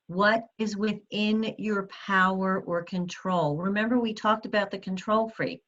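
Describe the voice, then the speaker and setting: A woman's voice: mid-range voice, a bit bright. Woman in her sixties, motivational talk with a mid-range voice, direct and coaching; slightly muffled recording. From United States. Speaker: speaker.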